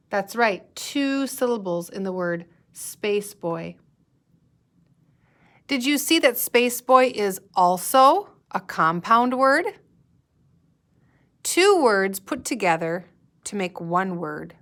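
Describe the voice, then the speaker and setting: A woman teacher leading a guided-reading lesson, patiently sounding out words and pausing for young students to answer. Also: medium pitch, fairly bright tone.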